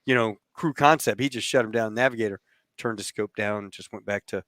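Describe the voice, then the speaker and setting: A man's voice: on the low side, a little fast, fairly bright tone, no room sound, clean studio sound. A man hosting a podcast, telling an anecdote in a casual way and acting out the quoted voices. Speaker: podcast host. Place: lives in Texas.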